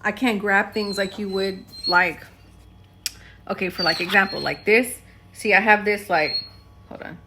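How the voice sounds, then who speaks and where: A woman's voice: mid-range voice, fairly even intonation, measured pace, pauses often, noisy background. A young woman, rambling casually to her vlog audience from home and laughing often. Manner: chatty, laughs often, talks to her dogs mid-sentence. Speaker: vlogger. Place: home, indoors.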